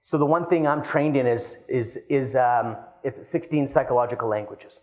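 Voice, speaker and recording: A man giving a live keynote speech, telling a personal story with animated energy and calling the audience guys. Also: medium pitch, moderate pace, dull audio. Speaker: keynote speaker.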